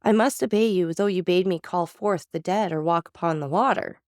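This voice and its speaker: A woman's voice: fairly low pitch, normal speed, darkish tone, no room sound, clean studio sound, natural voice. Woman reading as a grief-stricken young man. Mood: pleading. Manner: anguished, pleading.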